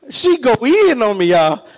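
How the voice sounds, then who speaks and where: A man preaching a sermon, animated and humorous, telling stories and often asking the congregation whether they follow him. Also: very high-pitched. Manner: humorous storytelling with laughs. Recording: long reverb of a large hall.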